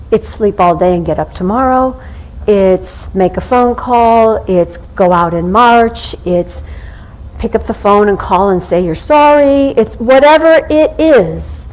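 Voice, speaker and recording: A woman minister delivers a sermon as if chatting with her congregation, weaving in personal stories. Her voice sits a little high. She slows down and pauses deliberately on her key points. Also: a little mellow, rough recording. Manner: conversational, anecdotal, with slow deliberate pauses.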